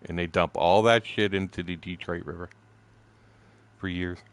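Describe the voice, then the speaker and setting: Older canadian man, sixties, lowish voice, rambling, swears a lot, laughs between stories. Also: steady tone, normal speed. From southern Ontario, Canada. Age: 60s. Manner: profane, rambling, laughs often. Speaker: gaming streamer. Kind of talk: casual storytelling while gaming.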